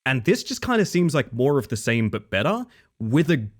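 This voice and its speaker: Live-streaming a horror game, this man keeps up animated, casual commentary, curses freely, and talks with his chat. He speaks at a medium pitch and a normal speed.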